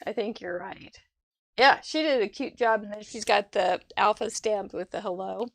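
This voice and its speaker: A woman's voice: mid-range voice, moderate pace, vocal fry, dry recording. A woman hosting a live crafting show over a video call, gushing over viewers' cards with frequent laughs. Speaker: host. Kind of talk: casual livestream chat.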